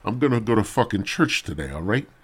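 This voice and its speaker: A man voicing an irritated male churchgoer whose complaints climb into a high squeal. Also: sing-song, fast talker, breathy edge. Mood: exasperated. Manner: exasperated, rising to a high squeal.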